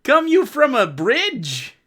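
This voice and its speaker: A man reading a formal army captain, asking questions slowly and with a formal air. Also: extremely high pitch, huge pitch swings, fairly bright tone, voice pushed up, exaggerated voice. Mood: inquiring.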